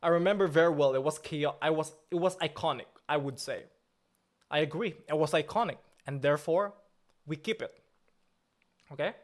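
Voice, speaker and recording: A man's voice: on the high side, normal speed, long pauses. A man hosting a livestream, talking casually, irritable at first, then joking as he answers viewer chat. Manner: irritable, then forces himself calm and joking. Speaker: livestream host.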